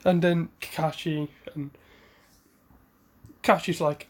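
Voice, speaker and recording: A man's voice: a little high, measured pace. A man casually retelling a fan story in a rambling, self-correcting way.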